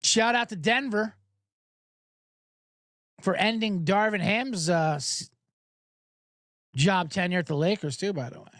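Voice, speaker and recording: A man hosting a sports betting podcast, talking casually in an animated, profane, rambling way. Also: high-pitched, a little slow, pauses often, no echo, studio quality.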